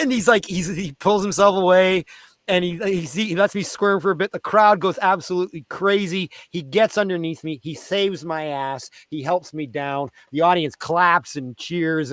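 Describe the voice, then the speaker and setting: A man from Canada tells raucous stories from his years as a street performer, jumping into loud put-on voices for hecklers. His voice sits a touch high, and the recording is close and dry. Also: no echo. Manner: animated, shouting out the voices of crowd members. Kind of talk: storytelling in a casual interview.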